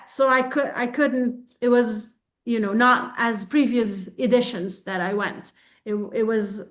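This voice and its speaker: A woman from Belgium sharing a candid, reflective personal account on a group coaching video call. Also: on the high side.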